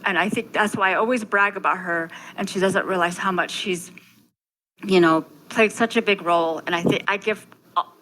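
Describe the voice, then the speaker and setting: A woman's voice: medium pitch, steady tone, normal speed, a bit bright, a little hiss or hum, low-quality recording. A middle-aged woman from the Navajo Nation, a guest talking earnestly and from the heart, with many fillers. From Navajo Nation, southwestern US. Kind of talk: candid conversational interview.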